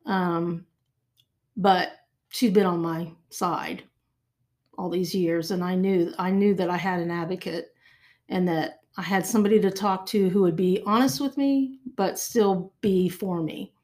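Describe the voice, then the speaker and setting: A woman's voice: on the low side, steady tone, unhurried, a little mellow. An older woman guest talking in a chatty way, often repeating words as she thinks. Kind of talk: interview conversation.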